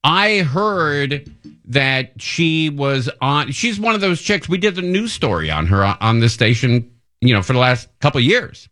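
A man with a mid-range voice talks a little slowly as a radio host on his station show. He chats casually and tells rambling stories in a relaxed manner, often restarting his sentences.

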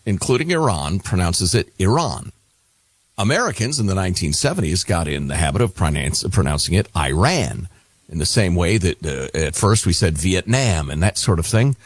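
A middle-aged man hosting a radio talk show, reading listener emails aloud with quick, wry asides. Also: deep voice, sing-song, breathy edge, no echo.

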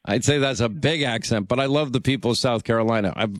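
A man hosting a national radio call-in show, talking briskly with frequent stammered restarts and friendly banter. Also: mid-range voice, no room sound, studio quality. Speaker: radio talk show host.

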